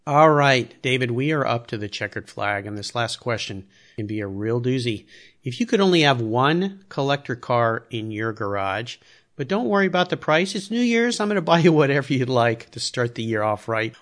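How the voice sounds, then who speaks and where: A man's voice: medium pitch, animated, normal speed, fairly bright tone. A man hosting an interview podcast, upbeat and enthusiastic as he asks questions. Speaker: podcast host. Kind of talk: casual interview.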